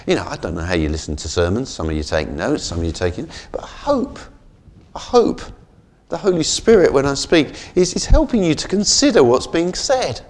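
A man's voice: mid-range voice, very animated. Male preacher giving a chatty sermon. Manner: conversational, keeps asking "isn't it?"; slows and softens on key phrases.

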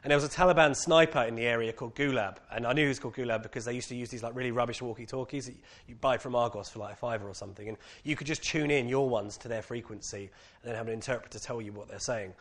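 A man with a British accent sharing a personal testimony with an audience, candid and animated, with many casual fillers. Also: medium pitch, racing.

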